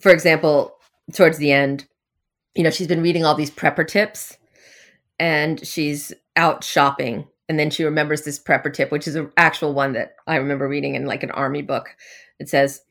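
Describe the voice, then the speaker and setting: A woman novelist answers questions about her writing in an easy, conversational way. Her voice sits low, and she keeps a wry, self-deprecating humor with frequent small laughs. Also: steady tone, moderate pace, a bit bright. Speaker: novelist guest. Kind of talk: casual interview answers.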